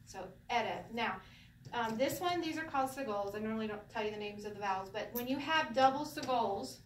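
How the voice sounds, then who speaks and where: A fairly high-voiced woman leads a relaxed class, joking and laughing as she goes. She sits back from the microphone in a roomy, echoing space, with a faint hiss of room noise underneath. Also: fairly quick, recorded from a distance. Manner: playful, laughs often, sing-song when demonstrating. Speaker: Hebrew teacher. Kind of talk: casual classroom teaching.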